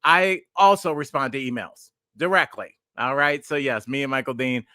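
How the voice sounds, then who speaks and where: A man's voice: medium pitch, normal speed, sharp tone, no room sound, clean studio sound. A man in his forties, a podcast host and stand-up comedian, chatting casually and telling rambling, digressive stories.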